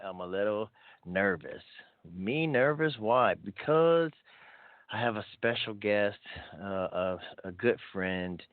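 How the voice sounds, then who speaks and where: A man's voice: low voice, no echo. A man hosting a call-in radio show, chatty and upbeat, often restarting his sentences. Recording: thin phone-like audio.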